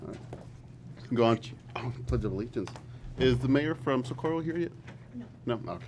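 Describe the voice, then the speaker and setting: A man chairs a formal public meeting in a brisk, procedural manner. The recording is noisy, with a steady hum of the meeting room behind his voice. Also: medium pitch.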